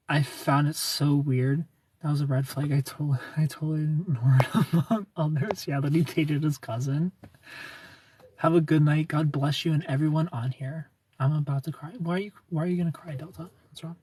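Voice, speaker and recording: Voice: medium pitch, normal speed, warm tone, a little hiss or hum. A young adult livestreamer chatting casually with viewers, sarcastic and laughing often as they answer comments by name. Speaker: livestreamer reading chat.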